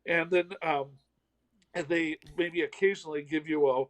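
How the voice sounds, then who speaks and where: A man's voice: fairly high pitch, steady tone, moderate pace, rough recording. A middle-aged man from the American South, a comedian telling a self-deprecating story in a casual interview. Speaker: comedian guest.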